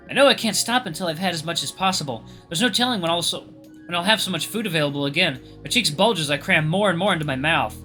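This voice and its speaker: A young man reading a visual novel aloud with casual asides, expressive and lively. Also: a little high, fast talker, soft background music. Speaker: gaming YouTuber.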